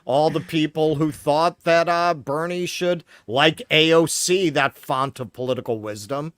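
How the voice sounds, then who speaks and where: A man's voice: on the high side, measured pace, a bit bright, smooth, no echo. A man with a New York accent from Queens, co-hosting a political talk show, heated, sarcastic and swearing often. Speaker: podcast co-host. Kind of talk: casual political commentary.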